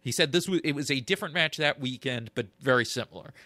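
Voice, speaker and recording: A man co-hosting a podcast in casual chat, thoughtful and halting as he recalls details. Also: mid-range voice, animated, pushed and bright, no echo. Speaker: podcast co-host.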